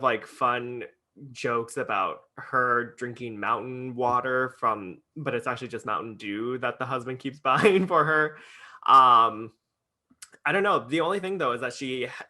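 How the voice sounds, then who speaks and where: A man's voice: mid-range voice, normal speed, bright, forceful tone. A young man co-hosting a podcast, talking in casual chat with lots of ums and laughter. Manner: chatty, lots of fillers and laughter. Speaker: podcast co-host.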